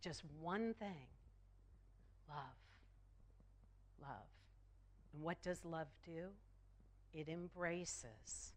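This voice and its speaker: A woman minister delivering a sermon, slow and emphatic, repeating phrases for effect. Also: on the low side.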